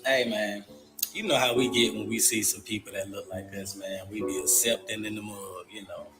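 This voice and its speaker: A man's voice: lowish voice, fairly even intonation, moderate pace, rough recording. An American man in a casual vlog, chatting and reading comments aloud. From United States. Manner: conversational, reads comments aloud. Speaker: content creator. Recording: loud guitar music behind.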